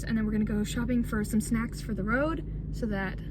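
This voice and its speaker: High-voiced young woman vlogging. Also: brisk. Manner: chatty, swears casually, talks to the camera. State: out of breath. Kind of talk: casual vlog chat. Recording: noisy background.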